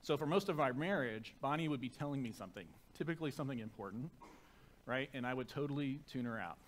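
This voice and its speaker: A man preaches a sermon into a microphone in a church. His voice sits at a middle pitch, relaxed and conversational, with self-deprecating asides, and he softens into a quiet, reverent tone for prayer. There is a faint hiss of background noise. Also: quick pace. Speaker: pastor. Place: church sanctuary.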